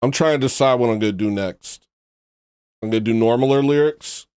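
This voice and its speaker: A man's voice: mid-range voice, fairly quick, a little mellow, clean tone, no room sound, clean studio sound. A man hosting a livestream, talking casually in a sarcastic, exasperated way, sounding tired. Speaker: livestream host.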